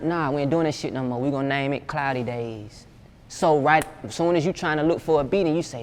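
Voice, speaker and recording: Slightly high and a bit fast, the voice belongs to a young man from Georgia, USA, who produces music. He's giving an interview in a relaxed, slang-heavy, profane style.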